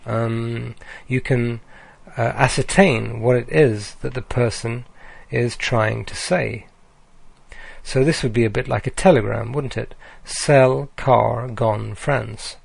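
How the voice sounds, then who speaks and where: A man giving a recorded slide lecture, speaking deliberately with frequent ums and uhs. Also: mid-range voice, fairly even intonation, creaky, slightly rough, no room sound.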